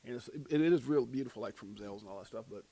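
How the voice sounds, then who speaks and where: A man's voice: mid-range voice, very fast, warm tone, breathy edge. A middle-aged man rambling through a casual livestream chat, telling stories with lots of fillers. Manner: rambling, many fillers, tells anecdotes. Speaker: crypto livestream host. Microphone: phone and smart glasses.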